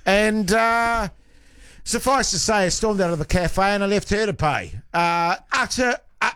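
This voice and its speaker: A man chatting on a podcast, telling an animated, indignant story that builds into shouted protest. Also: high-pitched, unhurried, smooth, dry recording, studio quality. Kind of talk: casual chat among friends.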